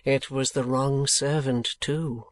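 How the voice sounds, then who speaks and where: A man reading an audiobook, voicing an earnest, insistent young gentleman in close to his own voice. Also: mid-range voice, fairly even intonation, slow pace, dry recording, lightly acted.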